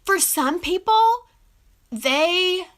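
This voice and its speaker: A woman's voice: very high-pitched, animated, drawn-out words. A young woman giving heartfelt relationship advice to camera, emotional and giggly as she talks. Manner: warm, emotional, giggly, earnest. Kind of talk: casual heartfelt talk to camera.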